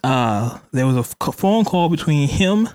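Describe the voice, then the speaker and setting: A man's voice: fairly high pitch, animated, measured pace, darkish tone, no echo. A man hosting a casual podcast, chatty and hedging, stopping often to say allegedly. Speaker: podcast host. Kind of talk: casual hip hop news chat.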